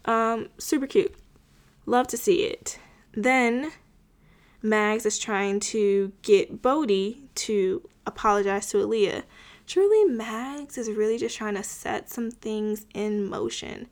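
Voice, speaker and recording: A woman's voice: medium pitch, slow pace. A young woman casually recapping a TV episode, chatty and full of filler words, with wry asides. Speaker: show recapper.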